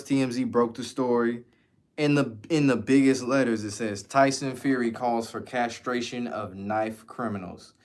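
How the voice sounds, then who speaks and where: A man from the United States chatting casually as a streamer, answering viewer questions in a loose, slangy, profane way. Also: on the low side. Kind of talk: casual chat.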